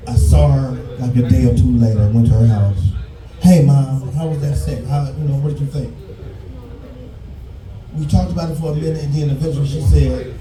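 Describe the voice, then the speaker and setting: A man, doing a live stand-up set, profane and shouting his punchlines. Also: medium pitch, steady tone, a little fast. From Detroit, USA. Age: 50s. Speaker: stand-up comedian. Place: comedy club stage. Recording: echoey club from a distance.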